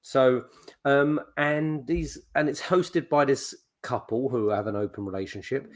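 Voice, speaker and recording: With a mid-range voice at a slightly slow pace, a man co-hosts a podcast of casual chat. He rambles through a story, acting out quotes in different voices.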